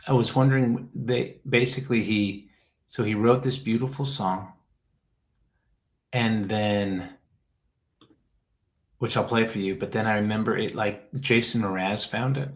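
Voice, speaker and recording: Man, show host, casual chat, low-ish voice, slow, rambling, heartfelt. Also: steady tone, rough recording. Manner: rambling and heartfelt, trailing off and restarting.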